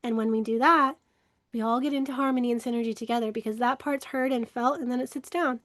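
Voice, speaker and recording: A woman hosting a spoken webinar, talking earnestly and emotively, often acting out inner voices, with restarts and soft laughs. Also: fairly high pitch, fairly even intonation, fast talker, dry recording. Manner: acts out inner dialogue in shifting voices. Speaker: webinar host, creativity coach. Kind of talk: casual spoken webinar talk.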